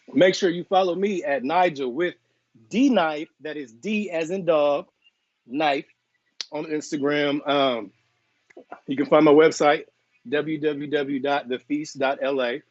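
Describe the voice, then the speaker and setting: A man chef talks loosely and cheerfully through a live cooking stream. He drops fillers, tastes the food on air and jokes to viewers as he goes. The sound is dry and a little muffled, like low-grade live stream audio. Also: a little slow, no room sound. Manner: relaxed, chatty, tasting and chewing on air with playful apologies. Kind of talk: casual live cooking chat.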